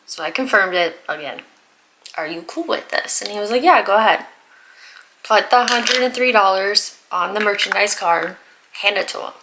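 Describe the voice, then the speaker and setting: A young woman vlogger telling exasperated, animated stories about customers at work in a casual storytime while doing her makeup. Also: medium pitch, moderate pace, noisy background. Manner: exasperated, animated retelling with laughs and sighs. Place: home, getting ready in front of the camera.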